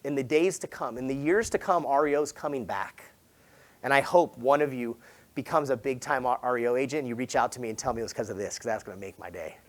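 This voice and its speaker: At a sales summit, a SoCal real estate agent tells stories at a quick pace during an energetic motivational keynote, full of "like" and "right?". He animatedly performs quoted lines, jumping suddenly louder and higher.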